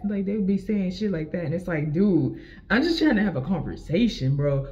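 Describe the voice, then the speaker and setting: A young adult woman telling a casual storytime vlog, animated and profane, with lots of slang and acted-out quotes of herself. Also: medium pitch, fairly quick. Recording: slightly dull lo-fi sound.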